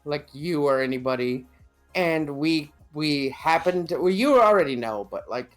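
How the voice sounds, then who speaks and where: A man's voice: on the high side, lively intonation, normal speed. Joking, swearing man over faint music. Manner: joking, swears often, laughs through his lines. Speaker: podcast co-host. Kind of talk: casual chat.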